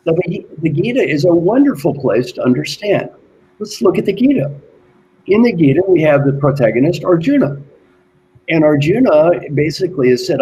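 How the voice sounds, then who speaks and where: A man working as an executive coach, giving an earnest motivational talk and slowly repeating his key questions. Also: fairly high pitch, sing-song, mellow, slight background noise, poor audio.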